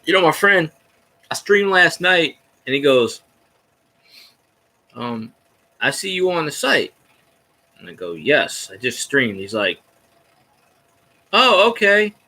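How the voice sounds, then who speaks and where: A man's voice: medium pitch, big pitch swings, slow pace, pauses often, bright, forceful tone. A man chatting casually on a livestream, ranting about football in a rowdy, profane, jokey way. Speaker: sports fan streamer. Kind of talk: casual rambling livestream chat.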